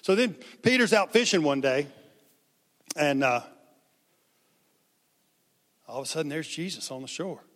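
A man's voice: a little high, a little slow, long pauses, big-room sound. A man giving a sermon as pastor, talking conversationally and acting out the people in the story. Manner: conversational, animated, acts out quotes.

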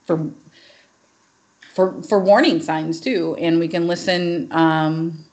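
A woman's voice: lowish voice, slow pace, a little mellow. A woman in casual podcast conversation, speaking earnestly and emphatically, often saying "like".

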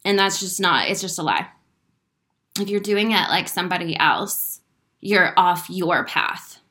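A woman's voice: on the low side, expressive, unhurried, sharp tone. Emotional woman giving a spiritual pep talk. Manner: earnest and spiritual, swearing freely, laughing through tears. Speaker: inspirational speaker. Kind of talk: emotional motivational talk to camera.

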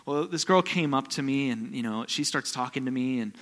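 A man preaches a sermon in a church, and his voice has a bright, forceful edge. He tells stories, dropping low and quiet before rising into loud bursts. The sound rings with a long hall reverb. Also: brisk. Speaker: visiting pastor.

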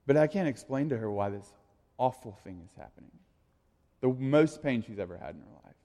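A man's voice: medium pitch, fairly quick. Casual man preaching in a reverberant hall. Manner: casual, conversational, swings from quiet asides to animated storytelling. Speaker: pastor. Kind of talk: sermon. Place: church sanctuary. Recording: long reverb of a large hall.

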